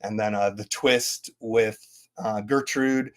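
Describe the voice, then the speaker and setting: A man's voice: fairly low pitch, steady tone, slow pace. A man in his thirties casually presenting game updates at a community town hall, rambling with lots of fillers and restarts.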